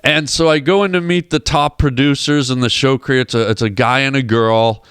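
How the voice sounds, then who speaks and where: Lively storytelling male comedian. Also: medium pitch, normal speed, smooth, dry recording, clean studio sound. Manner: animated storyteller who acts out voices. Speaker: comedian guest. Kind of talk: casual storytelling on a radio show. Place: radio studio.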